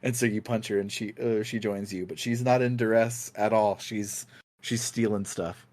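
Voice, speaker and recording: A man co-hosting a podcast, chatting casually about video games in a relaxed, rambling way and laughing often. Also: fairly low pitch, moderate pace. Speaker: podcast co-host.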